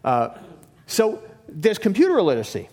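A man's voice: high voice, wildly swooping pitch, normal speed, darkish tone, breathy edge. A middle-aged man preaching a sermon in a casual, conversational way, often checking in with "okay?" and repeating himself for emphasis. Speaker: pastor.

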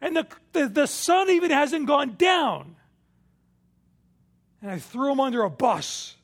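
A preacher doing an impulsive apostle who has just failed his friend. The voice sits high with a gravelly edge. He pleads loudly, close to shouting. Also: big pitch swings, moderate pace, heavily acted. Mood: anguished. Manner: loud, pleading, near shouting. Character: impulsive grown man apostle, crushed by his own failure.

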